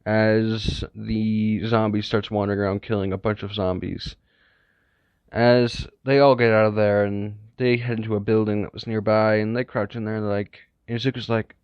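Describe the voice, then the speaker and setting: A man's voice: on the low side, level tone, normal speed, a little mellow, clean tone, no echo. Guy narrating a made-up story, rambly, keeps correcting himself, dry muffled recording. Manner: rambling, self-correcting storytelling with many asides. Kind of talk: casual improvised fan-story narration.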